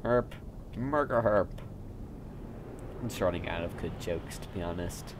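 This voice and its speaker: A man's voice: low voice, unhurried, noisy background. A young man making goofy let's-play commentary, full of silly nonsense words and sudden outbursts. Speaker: gamer.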